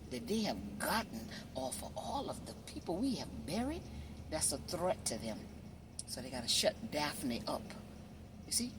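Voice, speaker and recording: On a noisy recording with traffic behind her, a woman social media commentator gives an emphatic, preachy monologue full of feeling. Her pitch is animated, her volume rises and drops to a hush, and "you see?" comes up again and again.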